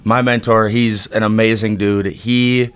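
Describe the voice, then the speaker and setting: A man tells a story on a casual podcast with excited, hyped-up energy, often repeating himself. His voice sits fairly low. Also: a little slow, clean tone. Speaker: guest friend on a podcast.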